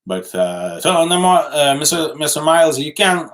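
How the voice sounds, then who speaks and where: A man from Quebec City, a native French speaker, who speaks English with a Quebec French accent. He chats casually on a livestream, answering viewer comments in halting speech full of fillers and restarts. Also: a little high, sing-song, fairly bright tone. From Quebec City, Canada. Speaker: livestream host and journalist.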